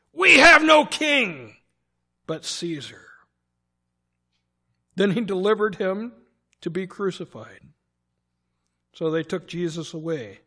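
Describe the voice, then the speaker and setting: A male pastor reads scripture from the pulpit at a deliberate, unhurried pace. His voice sits high for a man, and he lifts and presses the quoted cries for dramatic effect. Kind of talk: sermon scripture reading.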